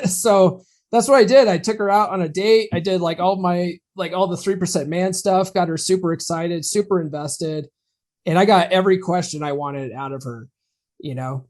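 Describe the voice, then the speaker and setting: A man's voice: high voice, normal speed, a little mellow. A man co-hosting a podcast, telling a personal story in a chatty way and laughing at his own lines. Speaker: podcast co-host. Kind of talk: casual chat, personal story.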